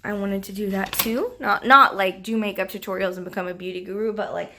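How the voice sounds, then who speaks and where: A young woman vlogging in a casual, chatty way, giggling often and filling her talk with "like" and "um," with a slightly rough morning voice. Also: mid-range voice, steady tone, brisk, bright, forceful tone, slight background noise. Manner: chatty, giggly, lots of fillers. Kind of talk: casual vlog chat.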